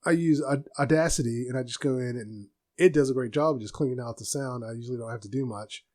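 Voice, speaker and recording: A soft-spoken man hosting a casual solo podcast from a room at home, rambling with restarts. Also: mid-range voice. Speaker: podcast host.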